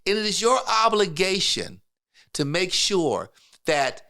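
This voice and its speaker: A man, a podcast guest, telling a personal story in casual talk, getting emotional and quoting others in a soft low voice. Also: very animated, slow pace, gravelly.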